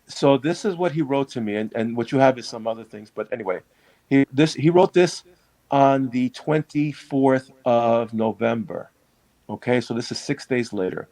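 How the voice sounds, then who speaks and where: A man's voice: mid-range voice, moderate pace, warm tone, no echo, poor audio. A man who is a priest, telling his story in an interview in an earnest, reflective way.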